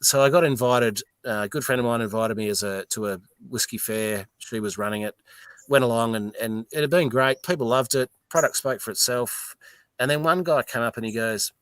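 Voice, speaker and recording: A man's voice: medium pitch, expressive, brisk, a bit bright, no room sound. An Australian man, a distillery owner, telling frank and profane anecdotes in a casual podcast chat, a little tipsy from whiskey.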